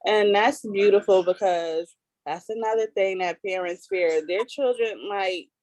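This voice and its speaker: A woman's voice: mid-range voice, unhurried, darkish tone, dry recording. Earnest woman hosting a video call. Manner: earnest, emphatic, conversational. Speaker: host. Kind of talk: casual video call chat.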